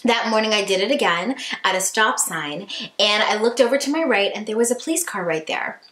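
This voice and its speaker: Animated woman telling a story. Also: mid-range voice, a little fast, roomy sound. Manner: animated, dramatic retelling. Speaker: beauty vlogger. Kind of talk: storytime vlog. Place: indoors at home.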